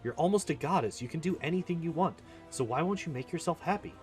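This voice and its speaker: A man reading aloud as an earnest young female healer in a video game, speaking softly and pleadingly. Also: on the high side, lively intonation, fast talker, soft background music, voice pushed up, close to an everyday voice.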